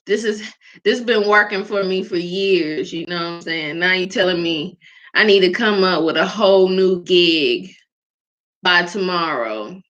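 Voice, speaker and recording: A woman's voice: fairly low pitch, a bit bright. A woman hosting a podcast about faith, talking candidly in a casual way, with many fillers and frequent laughs. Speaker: podcast host. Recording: dull lo-fi recording.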